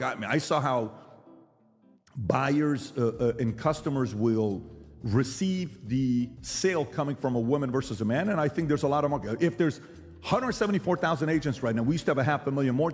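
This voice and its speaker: A man's voice: medium pitch, expressive, quick pace, long reverb tail, faint music behind. A middle-aged man hosting a podcast who argues emphatically, firing rhetorical questions and mimicking other people's lines. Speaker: podcast host. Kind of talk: animated debate monologue.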